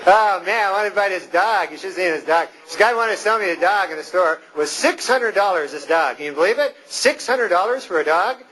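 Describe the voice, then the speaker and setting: A young man from Canada doing a stand-up set in a comedy club, with a deadpan, rambling delivery and drawn-out pauses. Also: sits high. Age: 20s. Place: comedy club stage with live audience. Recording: loud crowd laughter and noisy live room.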